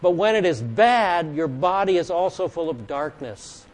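A man's voice: a little high, lively intonation, normal speed. A man teaching a Bible lesson in a conversational way, reading scripture aloud with emphasis and questioning and joking with his listeners. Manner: asks the audience questions and jokes with listeners.

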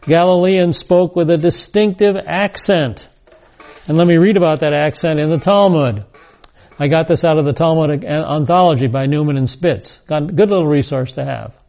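A man's voice: on the high side, normal speed, darkish tone. A man teaching a scripture lesson, reading verses and adding casual asides. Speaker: Bible teacher. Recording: dull lo-fi recording.

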